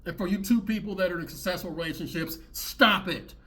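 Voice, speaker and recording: Guy ranting on his channel, high bright voice, preachy and rambly. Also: a little fast. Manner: preachy, rambling, repeats himself. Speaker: channel host reacting to clips. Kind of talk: ranting commentary.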